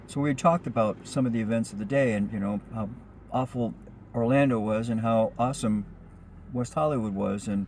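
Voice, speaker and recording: A man's voice: on the low side, brisk, a little mellow, a little hiss or hum. A man, a rideshare driver, telling a personal anecdote in a rambling, chatty way with frequent ums and restarts. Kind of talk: casual spoken anecdote.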